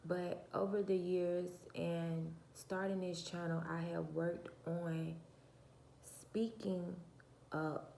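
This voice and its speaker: A woman with a low, gravelly, cracking voice gives a preachy vlog monologue, asking her viewers one rhetorical question after another. She is soft-spoken by nature, and her mellow, fry-edged tone sits a little low for a woman. The room sounds roomy, with faint noise behind her. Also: flat delivery, slow. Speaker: channel host. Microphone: phone or camera mic, her own mic uncharged.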